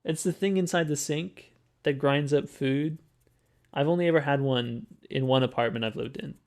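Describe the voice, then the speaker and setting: Creaky Western Canadian man musing. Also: medium pitch, a little mellow. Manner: rambling, halting, musing. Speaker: streamer reacting to clips. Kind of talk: casual live-stream commentary.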